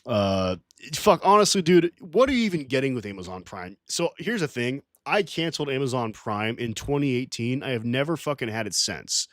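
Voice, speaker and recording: Male streamer, casual livestream rant; profane and rambling, animated voice, dry sound. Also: medium pitch, moderate pace, no echo. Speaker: streamer reading live chat.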